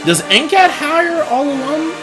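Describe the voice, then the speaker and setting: A man's voice: very high voice, big pitch swings, measured pace. A man hosting a live stream and reacting to marching band videos in casual, rambling talk, often repeating himself while he searches for names. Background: band music playing.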